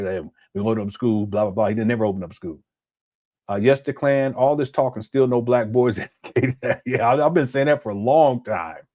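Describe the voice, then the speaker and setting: A man hosting a live stream in a relaxed, conversational way. He reads viewers' messages aloud and answers them, often thinking out loud. His voice sits at an ordinary middle pitch. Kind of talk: casual commentary live stream.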